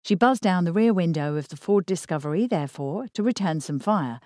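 A woman reading a novel aloud in measured, even scripted narration. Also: lowish voice, no echo, studio quality. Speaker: audiobook narrator.

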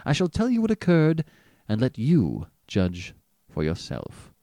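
A man narrating a classic story as an audiobook, in an expressive, animated reading. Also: mid-range voice, measured pace, no room sound, clean studio sound. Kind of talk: scripted narration.

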